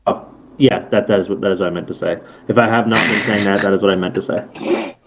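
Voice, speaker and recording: A man's voice: low-pitched, fairly even intonation, quick pace, noisy background. A man narrating as game master over an online call, casual and rambling, often correcting himself.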